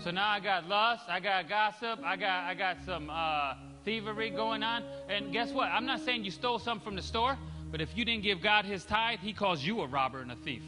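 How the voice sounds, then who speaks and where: A man's voice: high-pitched, brisk, long reverb tail, music in the background. A man pastor preaching in a church sanctuary, talking casually to the congregation and acting out examples. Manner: animated, demonstrative preaching with acted-out examples; conversational, checks in with audience. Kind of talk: sermon.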